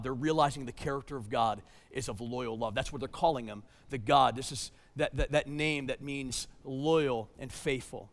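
A man preaching a sermon as pastor, emphatic, swinging between loud urgency and hushed tones, sometimes repeating words as he restarts. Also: medium pitch, moderate pace, in a large hall.

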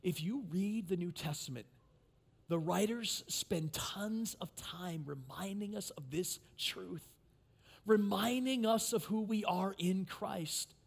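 A pastor with a notably high voice preaches to his congregation. He drops to near-whispers for intimate points, then rises loud and impassioned when voicing a plea. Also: slow, creaky, slightly rough. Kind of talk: sermon.

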